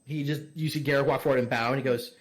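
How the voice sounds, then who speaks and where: A man's voice: mid-range voice, steady tone, very fast. A man running an online tabletop role-play as game master, narrating casually with lots of fillers and restarts. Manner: rambling, many fillers, chuckling.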